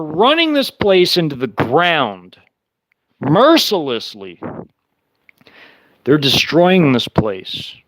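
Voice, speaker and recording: A man's voice: fairly high pitch, very animated, slow pace, pauses often, fairly bright tone, dry recording, rough recording. A man hosting his own show, talking through events in an emphatic, repetitive, indignant way. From United States. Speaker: show host. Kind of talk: casual commentary monologue.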